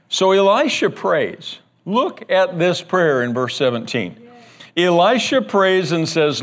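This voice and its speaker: Pastor guy preaching, bit high voice, acts out the story then goes quiet and low to pray. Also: takes it slowly. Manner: animated storytelling, acting out the scared servant in a high strained voice; drops to a hushed, low prayer. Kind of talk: sermon.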